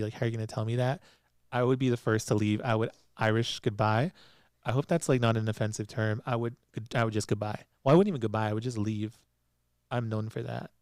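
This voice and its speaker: A man's voice: medium pitch, darkish tone, clear, resonant tone, dry recording, clean studio sound. A young man hosting a solo podcast, chatting casually and laughing often as he recaps episodes. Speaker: podcast host.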